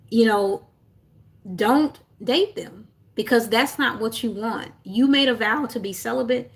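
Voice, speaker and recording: A woman's voice: on the high side, normal speed. A young woman coaching on self-love in a casual livestream, earnest and encouraging, with lots of fillers and restarts.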